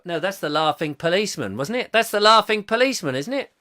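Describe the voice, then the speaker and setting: Brief: male comic chat show host, slightly high, bright and punchy, rambling and self-mocking while reading comments. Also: big pitch swings, quick pace, hardly any pauses. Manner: rambling, playful, self-mocking, trails off into humming.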